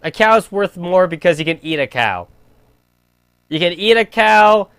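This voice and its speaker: Young guy streaming games, talks kinda high, rambles a lot, crude, says like constantly. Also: lively intonation, normal speed, a bit bright, clean tone, no room sound. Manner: rambling, crude, heavy use of filler "like". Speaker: gaming streamer. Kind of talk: rambling casual chat while gaming.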